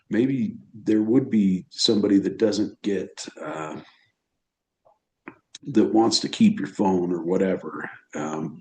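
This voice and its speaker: A man hosting an astrology channel, telling a personal story in a halting way, choked up and pausing often. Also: lowish voice, mellow, echoey room. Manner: halting, emotional, pauses and restarts.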